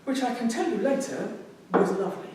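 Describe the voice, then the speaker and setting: A woman's voice: fairly high pitch, animated, brisk, a little mellow, slight background noise. A woman, telling a personal story in a speech to a public speaking club, emotional and often repeating phrases as she goes. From England. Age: 50s. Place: meeting room. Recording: very echoey room from a distance.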